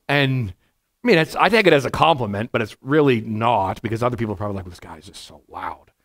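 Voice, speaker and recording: A man, a pastor, giving a conversational verse-by-verse sermon to a congregation in a church, with a naturally loud voice and frequent "right?" asides. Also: medium pitch, lively intonation, fast. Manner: naturally loud, chatty, asks the room "right?". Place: church sanctuary before a congregation.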